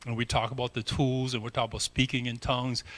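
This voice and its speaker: A man's voice: medium pitch, level tone, fast, a bit bright. An American man preaching a sermon, reading scripture aloud with frequent restarts and adding his own commentary. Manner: reads with restarts, breaks into playful voices and laughs. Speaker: pastor.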